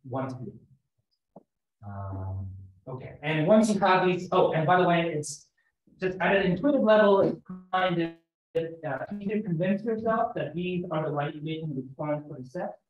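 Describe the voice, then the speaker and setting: Speaking at normal speed in a slightly high, animated voice, a man lectures at a math seminar, reasoning aloud as he explains things step by step. The recording carries the echo of a lecture room and sounds a bit dull.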